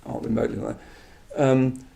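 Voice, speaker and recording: A middle-aged man from England gives a thoughtful Buddhist talk, pausing, restarting and letting asides fade to near silence. His voice has a gravelly edge and a dark, mellow warmth. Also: medium pitch, little pitch movement, a little hiss or hum. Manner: halting, many restarts and soft trailing asides. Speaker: Buddhist teacher giving a talk. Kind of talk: reflective spoken talk.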